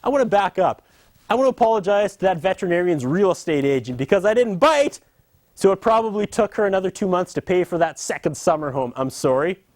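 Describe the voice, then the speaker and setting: A man's voice: sits high, animated, fast, darkish tone, dry recording. A man in his thirties delivering a sarcastic, mock-apologetic comedy monologue as host.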